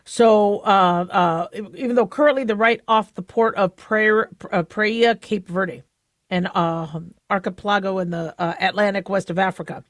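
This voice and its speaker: A woman's voice: mid-range voice, moderate pace, no echo, clean studio sound. A woman hosting a talk radio show, explaining medical news in a chatty way with many fillers and restarts.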